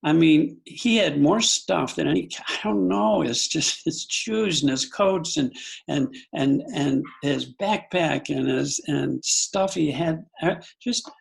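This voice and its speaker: An older man from the United States talks as an interview guest, working through a personal story in an earnest, unhurried way. His voice is heavily gravelly with a husky edge. He often restarts his sentences and slips into quoted asides. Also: on the high side, poor audio. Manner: calm, earnest, with self-corrections and quoted asides. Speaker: guest psychologist.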